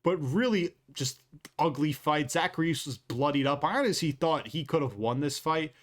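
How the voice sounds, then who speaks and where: A man giving a casual, off-the-cuff fight recap, blunt and opinionated, swearing freely. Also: a little high. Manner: quick, off-the-cuff delivery with fillers. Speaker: MMA commentator and YouTuber.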